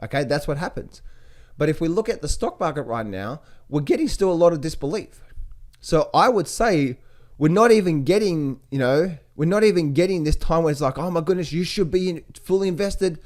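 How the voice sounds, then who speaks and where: A man talking casually about markets to viewers, animated, repeating words and mimicking other people's voices. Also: fairly high pitch, normal speed. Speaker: trading educator. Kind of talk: casual market commentary to camera.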